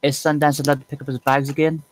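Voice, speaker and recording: A man playing a tabletop role-playing game, speaking in a calm, earnest way. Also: fairly high pitch, fast, slight background noise, poor audio. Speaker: player.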